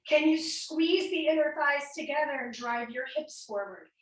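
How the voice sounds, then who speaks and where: A woman's voice: high-pitched, normal speed. A woman fitness instructor coaching a workout class, counting reps and cueing moves while exercising, a little out of breath. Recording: echoey room, mic at a distance.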